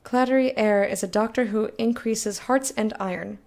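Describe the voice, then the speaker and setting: A woman's voice: on the high side, normal speed, vocal fry, a little mellow. A woman streaming a game, reading its text aloud and chatting frankly with viewers, swearing freely. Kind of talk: casual let's-play chat, reading game text aloud.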